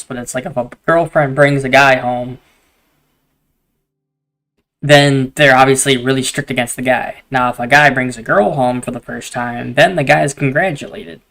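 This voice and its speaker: A man's voice: medium pitch, a bit bright. A young man hosting a gaming video, telling long rambling stories in casual chat and swearing a lot.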